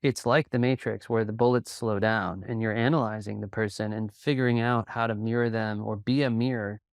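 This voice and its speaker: A man who coaches in sales, a guest on a podcast, talking calmly and steadily as he tells stories. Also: lowish voice, no room sound, studio quality. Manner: calm, even delivery with quick bursts of storytelling. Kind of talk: conversational interview.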